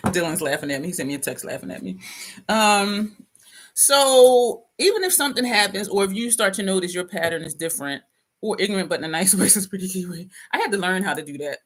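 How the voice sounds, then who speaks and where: A woman's voice: mid-range voice, animated, brisk. Laughing woman in her fifties telling stories. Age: 50s. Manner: laughs often while telling a story, reads viewer comments aloud. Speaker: vlogger livestream host. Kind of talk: casual livestream storytelling.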